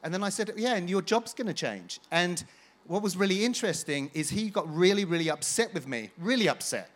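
An energetic man preaches to his congregation, calling out to them and then sliding into a long personal story. His voice sits a little high for a man. He keeps a loose, conversational storytelling flow. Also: brisk. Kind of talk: sermon with personal testimony.

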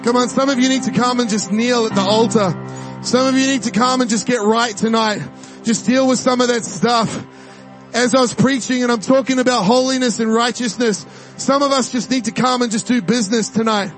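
A man's voice: extremely high pitch, fairly even intonation, fairly quick, soft background music. A man from New preaching a charismatic sermon, exhorting the crowd and praying in tongues during the altar call. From New Zealand. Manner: fervent, exhorting, speaks in tongues. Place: church service with music behind.

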